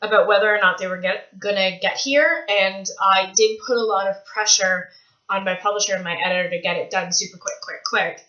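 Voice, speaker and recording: A Canadian woman vlogging casually from a small room at home, chatty, rambling and gushing with excitement. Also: mid-range voice, fairly quick, reverberant, muffled recording. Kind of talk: casual vlog chat.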